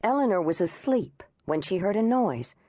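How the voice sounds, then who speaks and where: A woman narrating an audiobook in a measured, expressive storytelling manner on a close studio mic. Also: medium pitch, no room sound.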